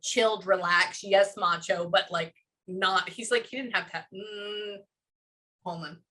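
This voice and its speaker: A woman working as a psychic medium, relaying messages in a reading, often pausing with "hang on" before carrying on. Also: medium pitch, fairly even intonation, sharp tone. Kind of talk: one-on-one reading session.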